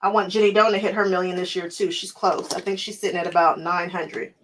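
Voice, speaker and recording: A young woman hosts her quilting channel, chatting casually with viewers as she works, laughing often and answering them by name. Her voice is fairly low, flat and a little fast, on a rough recording with some hiss or hum.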